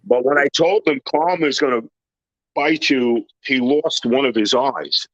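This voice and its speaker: Blunt tough-talking man, bright and dry. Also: medium pitch, measured pace, no room sound, highs cut off. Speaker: guest telling personal stories. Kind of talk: casual storytelling interview.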